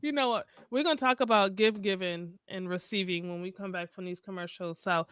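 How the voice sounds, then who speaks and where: A woman's voice: medium pitch, fairly quick, fairly bright tone, clear, resonant tone, dry recording, studio quality. A woman co-hosting a podcast, giving blunt, slangy dating advice in casual chat. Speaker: podcast co-host.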